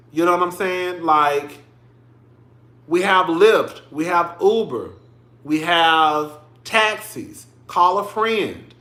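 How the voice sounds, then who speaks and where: A man with a high, bright voice talks through his livestream at an unhurried pace. He is chatty and emotional, addressing his listeners as "girl" and "y'all". The sound rings a little, like a small bare room. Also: roomy sound. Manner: emotional, tearing up on stream. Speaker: livestream commentary host. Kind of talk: casual livestream commentary.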